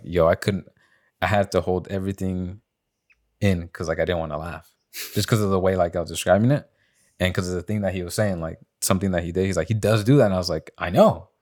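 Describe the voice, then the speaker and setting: A low-pitched, brisk voice belongs to a young podcast co-host casually telling his friends a story. He acts out quotes in a raised voice and swears frequently.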